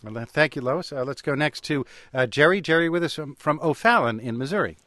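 A man hosting a radio call-in show, measured and moderating, with frequent filler pauses. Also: fairly high pitch, animated, sharp tone, no echo. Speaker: radio host.

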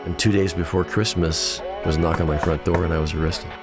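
Older man on a phone call, deep voice. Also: fairly even intonation, brisk, music in the background.

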